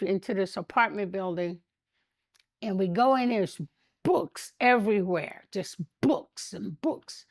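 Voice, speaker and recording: An older woman, a guest in an interview, telling animated stories and acting out the voices of the people in them, often breaking into laughter. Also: on the high side, no room sound, studio quality. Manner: animated anecdotes, laughs often, acts out quotes. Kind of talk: storytelling interview.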